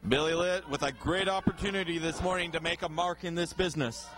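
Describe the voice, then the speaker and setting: A man calling a professional wrestling match, excitable and building to shouts at the big moves. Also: a little high, brisk. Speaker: wrestling commentator. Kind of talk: play-by-play wrestling commentary.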